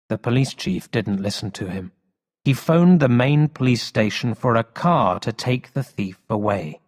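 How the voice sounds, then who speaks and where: A man reads a storybook aloud in a slow, careful pace meant for learners, with his pitch rising and falling in a lively way. A long hall reverb hangs behind every sentence. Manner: slow, expressive storybook reading. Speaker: story reader. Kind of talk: slow read-aloud narration for English learners.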